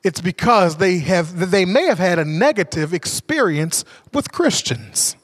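Animated high-voiced male preacher. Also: a little slow. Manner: animated storytelling, swings from shouting to hushed. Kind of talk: sermon.

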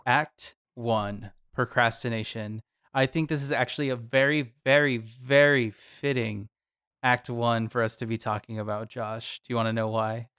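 A man hosts a podcast in a relaxed, chatty way. His voice sits at a middle pitch, and he talks animatedly with quick asides. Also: clear, resonant tone. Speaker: podcast co-host. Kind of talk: casual chat.

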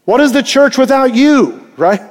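A middle-aged man preaching in a high voice, now and then pushing to near shouts to drive his point home. He keeps asking his congregation questions. His sermon rings out through a big sanctuary with a long echo. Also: measured pace. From Eastern Kentucky. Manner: animated preaching, asks the crowd questions, rises to near shouts. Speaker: pastor. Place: large church sanctuary. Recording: long reverb of a big hall.

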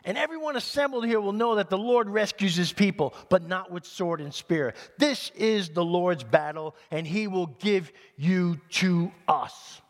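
A man preacher voicing a bold young shepherd boy who trash-talks a giant and defies him, rising to a shout. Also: high voice, measured pace, few pauses. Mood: defiant. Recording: long hall reverb.

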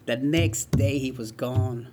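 A man's voice: medium pitch, takes it slowly, darkish tone, a little hiss or hum. A man in his forties, a guest in an interview, telling his life story in an earnest way and often saying "man" and "right". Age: 40s.

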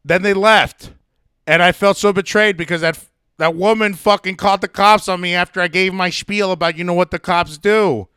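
A man's voice: high voice, fairly even intonation, moderate pace, bright, forceful tone, clear, resonant tone, dry recording, studio quality. A young man telling a personal story in a heated, profane, ranting way. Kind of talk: casual storytelling.

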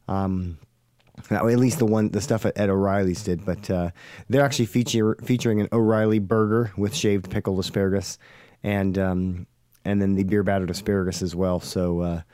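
Man, low mellow voice, dry close sound, relaxed podcast chat with lots of ums. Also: no room sound. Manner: easygoing, many ums and restarts. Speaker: podcast co-host. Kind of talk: casual chat.

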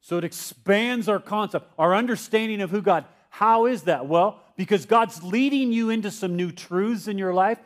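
High-voiced man preaching a sermon. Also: moderate pace, few pauses. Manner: conversational, asks the congregation questions; acts out Peter's confused voice. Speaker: pastor.

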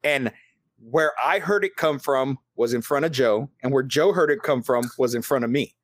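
A man hosting a podcast, telling stories in a casual, animated way and swearing constantly. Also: medium pitch, moderate pace, no room sound. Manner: animated, heavily profane. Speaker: podcast host. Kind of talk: casual storytelling chat.

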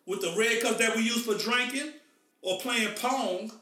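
Male podcast host from the Midwest, high and bright, animated and slangy, echoey distant room. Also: measured pace. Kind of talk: casual podcast chat. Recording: echoey room, mic far off.

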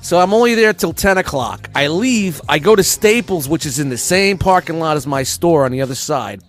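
With faint music in the background, a middle-aged man hosting a podcast launches into a profane, casual rage story. His voice sits on the high side at a moderate pace, and he swears constantly while animatedly playing out both parties of a quarrel, raising his voice as he does.

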